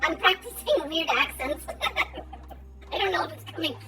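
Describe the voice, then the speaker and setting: Unhurried and very high-voiced, this young woman offers casual commentary while streaming a game. She thinks aloud and chats playfully as she plays, and game music sits in the background.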